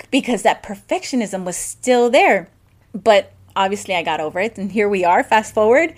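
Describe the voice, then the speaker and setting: A woman's voice: mid-range voice, moderate pace. A woman hosting her own podcast, talking candidly in a personal monologue, rambling and restarting her sentences as she goes. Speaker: podcast host.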